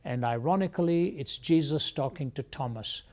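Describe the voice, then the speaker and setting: A man as an interview guest, telling a personal testimony in a measured, reflective way. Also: on the high side, a little mellow. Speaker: guest speaker.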